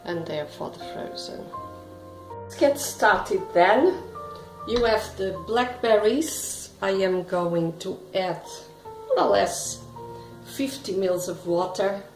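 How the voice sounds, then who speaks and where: A woman's voice: medium pitch, animated, slow, a little mellow. A woman hosting her own cooking video at home, chatting to the viewer with self-deprecating asides as she works through a recipe. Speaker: cooking show host. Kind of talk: casual cooking demonstration. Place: home kitchen. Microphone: self-filmed camera. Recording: roomy echo, faint background music.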